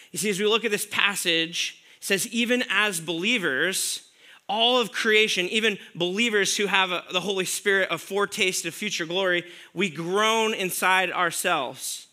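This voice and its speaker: A man preaching a sermon to a congregation, conversational and earnest, asking the listeners rhetorical questions and dropping soft on key words. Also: sits high. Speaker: pastor.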